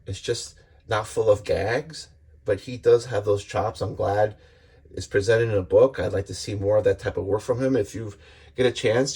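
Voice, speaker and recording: Earnest, husky-voiced man reviewing comics. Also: on the low side, a little mellow. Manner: earnest, rambling, restarts often. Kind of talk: casual book review.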